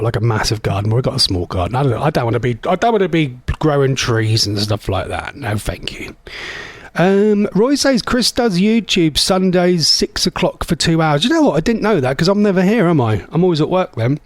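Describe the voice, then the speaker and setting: A man's voice: fairly high pitch, expressive, moderate pace, no echo. A tired man hosting a local radio show, chatting casually and rambling while reading out listener messages. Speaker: radio host. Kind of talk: casual chat between songs.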